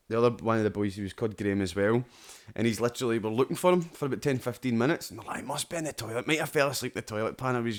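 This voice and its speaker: Scottish young man at a middling pitch, swapping drinking stories with his mates on a podcast. He swears freely and laughs through the punchlines. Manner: laughing, sweary banter with acted-out quotes. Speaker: podcast co-host. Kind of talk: casual storytelling chat.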